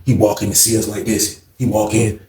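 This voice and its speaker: This man, who hosts a storytelling channel, has a lowish voice and a brisk pace, and the sound is reverberant. He tells an animated storytime tale loaded with slang and profanity, acting out everyone's lines in shifting voices.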